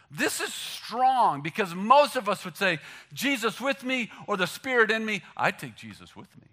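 A man preaching a sermon, animated and joking, swinging between loud punchlines and hushed emphasis. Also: high-pitched, normal speed. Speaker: pastor.

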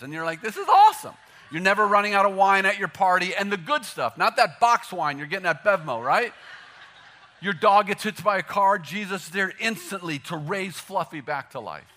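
A man preaching a sermon, animated and joking, swinging between loud punchlines and hushed emphasis. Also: high voice, normal speed. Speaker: pastor.

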